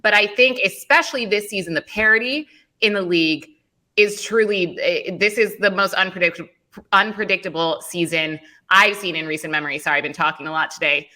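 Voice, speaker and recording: A woman's voice: medium pitch, fairly quick, bright, forceful tone. A woman co-hosting a postgame sports talk show, earnest and correcting herself as she goes. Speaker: co-host.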